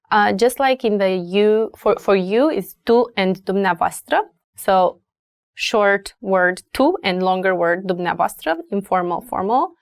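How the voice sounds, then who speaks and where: A young adult woman with a Romanian accent, teaching phrases in a lesson and repeating words slowly for learners. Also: medium pitch, dry recording, studio quality. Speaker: language teacher. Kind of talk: language lesson.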